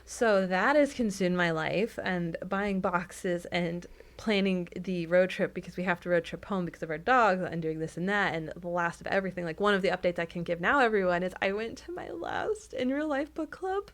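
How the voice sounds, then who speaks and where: A woman's voice: on the low side, moderate pace, few pauses. Chatty woman podcast co-host. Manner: chatty, laughs often, swings from excited to deadpan. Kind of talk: casual chat.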